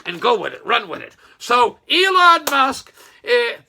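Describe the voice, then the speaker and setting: A man's voice: extremely high pitch, big pitch swings, unhurried, vocal fry, pushed and bright, a little hiss or hum. An older man from Nova Scotia, a retired businessman, rambling in a folksy monologue full of restarts and quoted asides.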